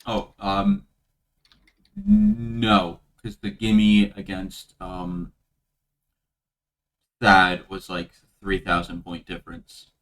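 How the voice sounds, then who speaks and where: Uomo dal tono grave che ride spesso. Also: male voice, low-pitched, fairly bright tone, poor audio. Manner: halting, laughs often. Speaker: quiz show host. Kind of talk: casual gaming chat.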